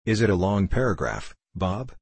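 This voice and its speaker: A man voicing a gruff, overworked print shop foreman who growls curt orders. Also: sits low, sing-song, normal speed, a little mellow, no room sound, full character voice. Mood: irritable.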